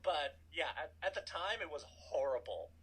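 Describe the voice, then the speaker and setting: A man in his thirties telling a personal story in a casual, animated way, full of "like" and asides. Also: a little high, normal speed, husky, low-quality recording. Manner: animated, chatty, filler-heavy "like". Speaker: storytelling guest.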